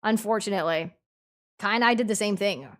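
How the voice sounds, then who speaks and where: A young woman streamer chatting casually with her audience and reading chat aloud, swinging from mumbled asides to loud indignant outbursts. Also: medium pitch, a little fast.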